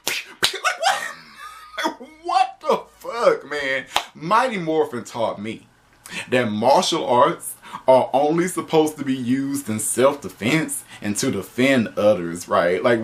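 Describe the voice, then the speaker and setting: A man giving a casual spoken video review, animated and profane, often breaking into laughter. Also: medium pitch, slow, a little hiss or hum.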